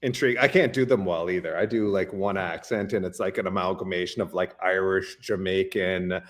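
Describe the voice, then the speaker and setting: A Canadian man appears as a guest in a laid-back interview, speaking in a low voice at a brisk clip. He's animated, restarting with stammers and filling gaps with plenty of fillers.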